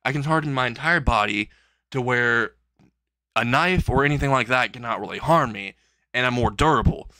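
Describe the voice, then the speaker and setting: A relaxed, friendly teenage tough guy, voiced by a man who reads all roles. His talk is casual and unhurried. The tone is bright and dry. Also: medium pitch, dry recording. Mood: easygoing. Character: friendly tough teen boy.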